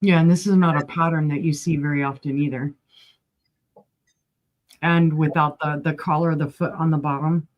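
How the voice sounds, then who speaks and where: A woman's voice: sits low, fairly even intonation, moderate pace, pauses often, dull audio. A woman co-hosting a live online sale, calling bids and chatting between items.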